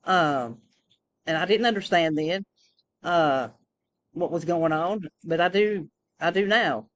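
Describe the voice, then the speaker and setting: A woman's voice: on the low side, slow, highs cut off. A woman rambling through a casual personal monologue, full of fillers and restarts. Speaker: vlogger.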